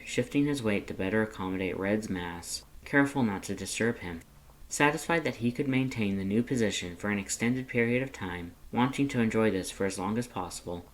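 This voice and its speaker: A man gently reading a fan story aloud in an unhurried way. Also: lowish voice, low-quality recording. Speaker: fanfiction reader. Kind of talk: read-aloud narration.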